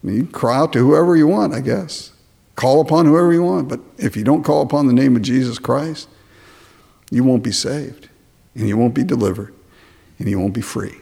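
A man preaching a sermon, animated, mocking imagined complainers in put-on voices. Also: mid-range voice, a little fast, vocal fry, breathy edge. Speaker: pastor.

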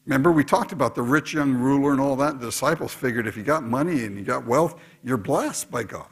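A man preaching a sermon, dropping to quiet asides and rising to loud exhortation. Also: mid-range voice, fairly quick, slightly rough. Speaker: pastor.

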